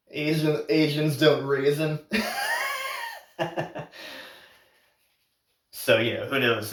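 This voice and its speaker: A man's voice: medium pitch, recorded from a distance. A man casually telling a travel story as a podcast host, laid-back, swearing freely and laughing often. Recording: roomy echo, off the mic.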